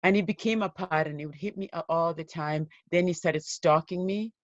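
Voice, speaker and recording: A woman giving an interview as a guest, telling her own life story in an earnest, steady way. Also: fairly low pitch, normal speed, no room sound, lo-fi sound. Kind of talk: personal story told in an interview.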